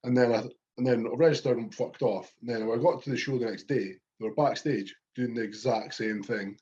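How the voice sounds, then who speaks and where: A Scottish man co-hosts a casual podcast and tells animated backstage stories full of swearing. His voice sits at a middling pitch. The recording sounds a little dull and lo-fi. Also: a little fast. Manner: swears freely, animated storytelling. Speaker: podcast co-host. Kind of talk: casual chat.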